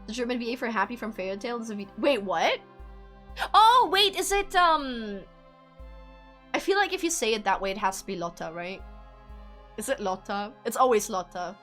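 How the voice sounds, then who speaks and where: Giggling and poking fun at herself, a woman streamer talks casually with her viewers while soft music plays. Her voice is a little high and sharp, at normal speed with long pauses.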